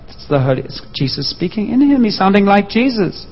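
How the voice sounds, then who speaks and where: A man preaching a sermon, telling a story with lively acted-out voices. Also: sits high, brisk, gravelly, few pauses, husky. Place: church hall. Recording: dull sound with long hall reverb.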